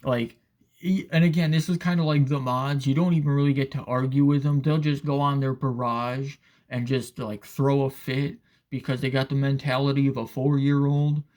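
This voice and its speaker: A man's voice: mid-range voice, little pitch movement, moderate pace, a little mellow. Profane, sarcastic man ranting. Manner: profane, sarcastic, repeats "all right". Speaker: commentator. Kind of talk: casual ranting commentary.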